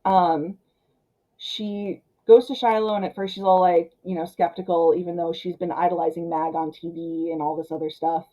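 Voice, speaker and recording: A woman reviewing a film in a chatty, animated way, full of fillers like "um" and "like.". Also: lowish voice, normal speed, poor audio.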